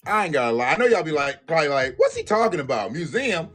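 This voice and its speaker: A man with a slightly high voice hosts a live-stream, ranting in a blunt, profane and heated way. He talks straight to his chat as he goes, while faint music plays behind him. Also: huge pitch swings, fast talker, a bit bright. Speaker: livestream host. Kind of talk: live-stream commentary rant.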